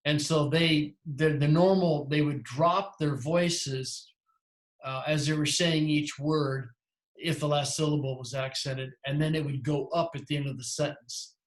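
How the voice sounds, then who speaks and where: Male teacher, rambling lecture style, slightly high voice, roomy echo. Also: steady tone, unhurried. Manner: rambling, self-correcting explanations. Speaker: Greek teacher. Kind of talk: lecturing in a class.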